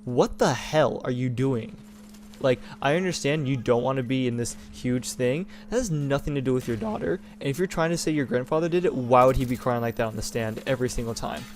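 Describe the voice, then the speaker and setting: A man's voice: medium pitch, fairly quick, slight background noise. A young man hosting a gaming channel, talking in a rambling, indignant rant with many restarts. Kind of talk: casual opinion rant over gameplay.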